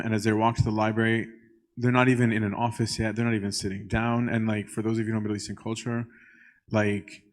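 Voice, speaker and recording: Priest, male, lower register; casual storytelling sermon, conversational, ums and check-ins. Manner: conversational, keeps checking in with "right?"; frequent filler "um". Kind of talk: storytelling church talk.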